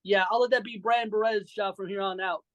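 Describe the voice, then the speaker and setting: A man's voice: high voice, fairly even intonation, quick pace, fairly bright tone, no echo, lo-fi sound. A man in his forties from Saint Louis, a wrestler guest chatting loosely with lots of fillers and some brash trash-talk. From Saint Louis, Missouri. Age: 40s. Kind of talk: casual interview chat.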